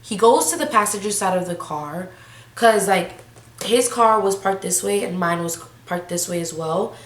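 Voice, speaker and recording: A woman's voice: mid-range voice, expressive, normal speed. Teen woman vlogger, 18, casual slangy storytime delivery, echoey room. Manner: casual, slangy, breathless retelling. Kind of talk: storytime vlog.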